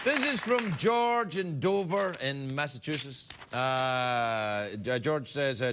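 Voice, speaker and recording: Lively joking talk show host. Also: male voice, mid-range voice, slow, hardly any pauses, a crowd in the background, background noise. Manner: joking, rambling, animated delivery. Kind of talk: comic monologue and reading viewer emails. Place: television studio with live audience. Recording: broadcast studio with loud audience laughter.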